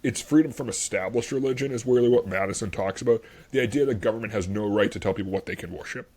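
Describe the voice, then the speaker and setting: A man with a low, husky voice talking through history on a casual podcast. He rambles with plenty of fillers and a lot of enthusiasm for his subject. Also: quick pace, darkish tone. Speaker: podcast host.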